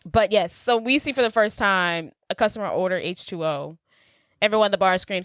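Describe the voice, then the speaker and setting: Woman podcast co-host, animated storyteller, lively swooping pitch, dry close sound. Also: moderate pace, no echo. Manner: laughs easily, lively storytelling. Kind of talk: casual movie recap chat.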